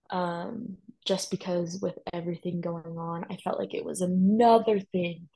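A woman's voice: lowish voice, vocal fry, warm tone, slightly rough, poor audio. A young woman telling a personal story in a chatty way, full of "like" and emphatic asides. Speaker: guest sharing a personal story.

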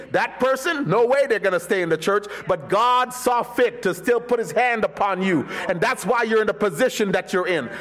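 A man preaching a sermon as pastor, his voice swinging from sung high calls down to low, quiet murmurs.

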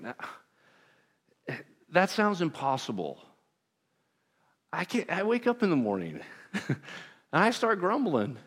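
A man preaching a sermon as pastor, talking to his congregation in a conversational, self-deprecating way with lively asides. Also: on the high side, takes it slowly, pauses often, breathy edge. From Southern California. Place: church sanctuary. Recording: long reverb of a large hall.

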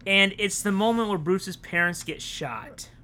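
A podcast co-host in casual chat, animated and jokey, breaking into sound effects and impressions. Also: medium pitch, a little slow.

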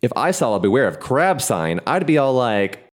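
Super deep-voiced woman co-host, grumpy and sarcastic, swings up and down a lot. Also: big pitch swings, moderate pace. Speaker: comedy show co-host. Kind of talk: scripted comedic banter.

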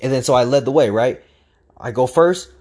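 A young man telling a casual, profane story, acting out the sounds with lively energy. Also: medium pitch, normal speed. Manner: animated, profane, acts out sounds.

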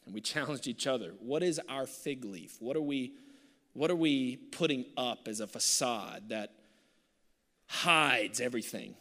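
A male pastor preaching a sermon, swinging from loud bursts to hushed, near-whispered passages. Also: mid-range voice, measured pace. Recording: long reverb of a large hall.

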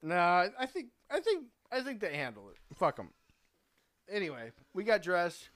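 A man's voice: sits high, huge pitch swings, normal speed, fairly bright tone. A young man hosting a podcast, telling a rambling, profane party story with laughs mixed in. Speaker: podcast host. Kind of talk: casual storytelling.

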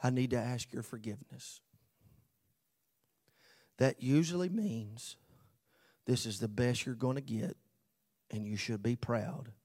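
A man preaching a sermon as pastor, swinging from loud emphasis to hushed near-whispers and slowing down on key phrases. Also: mid-range voice, breathy edge.

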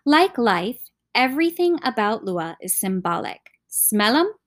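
A woman voicing a stern older male martial arts teacher who talks in gruff, scolding commands, read as an audiobook character. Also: a little high, very animated, unhurried, dry recording, clean studio sound. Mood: explaining.

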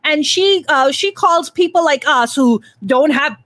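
High-voiced woman host, blunt and candid. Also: lively intonation, measured pace, a bit bright, no echo. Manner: blunt and emotional, swears freely. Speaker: podcast host. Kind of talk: candid conversational interview.

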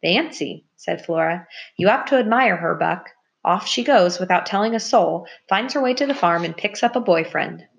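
A woman voicing a clever female mouse who teaches, speaking in a brisk, teacherly manner. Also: lowish voice, expressive, creaky, muffled recording.

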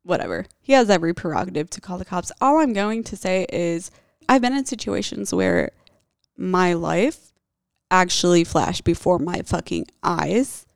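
Young woman vlogger, blunt confessional storyteller who curses often; raspy vocal fry, dead-dry recording. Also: lowish voice, sing-song, normal speed, dry recording. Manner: blunt, heavy swearing, candid. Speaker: vlogger telling a personal story.

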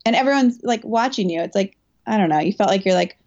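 A woman's voice: medium pitch, animated, fast talker, darkish tone. Chatty woman athlete on muffled audio. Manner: chatty, filler-heavy, emotional retelling. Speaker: elite marathon runner and coach. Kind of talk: candid interview storytelling.

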